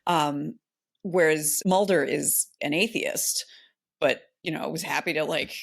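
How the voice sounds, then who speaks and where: A woman with a low, gravelly voice co-hosts a casual podcast. She talks in a loose, thoughtful ramble with lots of fillers and restarts. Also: a little slow. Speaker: podcast co-host. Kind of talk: casual chat.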